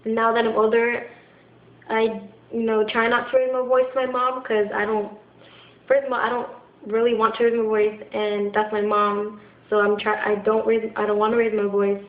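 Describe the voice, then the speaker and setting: A young woman pours out her frustration, stopping and restarting as she talks. Her voice sits a little high, and the recording is muffled and lo-fi, with a roomy echo around it. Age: young adult. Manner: frustrated, halting, many restarts and fillers. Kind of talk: venting to camera. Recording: echoey room, dull lo-fi sound.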